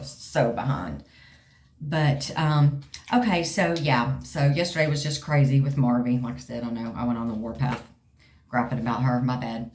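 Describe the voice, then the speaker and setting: A woman's voice: extremely low pitch, a little mellow, slight background noise. A middle-aged woman, chatting casually to camera, rambling and calling her viewers y'all. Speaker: vlogger sharing a health update.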